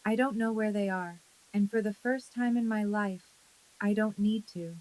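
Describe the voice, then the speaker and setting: A woman in her thirties narrating a dramatic first-person story in a calm, measured, quietly intense way. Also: mid-range voice, low-quality recording.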